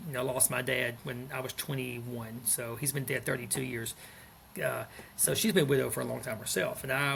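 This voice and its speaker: A deeply gravelly man in his fifties talks in a gentle, earnest, reflective way as a podcast guest. He often restarts his sentences, and his pitch sits in an ordinary middle range. A faint hiss runs underneath. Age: 50s. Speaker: school principal, guest.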